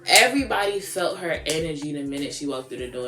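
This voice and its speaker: Sassy woman vlogger, lowish voice, echoey room. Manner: sassy, animated, drawn-out words. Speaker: beauty vlogger. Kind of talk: casual storytime vlog. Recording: echoey room with music behind.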